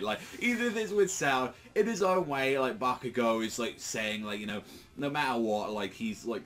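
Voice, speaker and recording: A man's voice: medium pitch, lively intonation, moderate pace, a bit bright. A man giving a casual, rambling manga chapter review, full of filler words and swearing.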